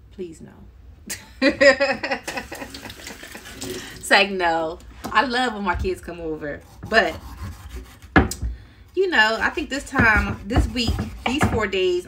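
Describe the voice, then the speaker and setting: A middle-aged woman with a lowish voice laughs often as she chats casually with her livestream audience while cutting vegetables at home. Loud chopping, kitchen clatter, and background noise are constantly audible.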